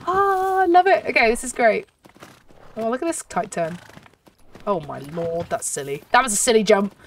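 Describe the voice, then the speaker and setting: A woman hosting a gaming channel, giving excitable let's-play commentary full of gasps and exclamations. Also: a little high, moderate pace, distant mic, slight background noise. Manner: excitable, gushing, lots of exclamations.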